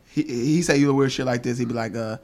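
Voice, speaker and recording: A young man in casual chat, rambling through stories, swearing freely and quick to laugh. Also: mid-range voice, a little mellow.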